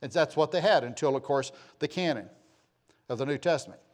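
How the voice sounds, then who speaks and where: A man of sixty preaching a sermon, reading scripture slowly and loudly, then dropping to low, quiet asides. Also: expressive. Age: 60s. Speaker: pastor.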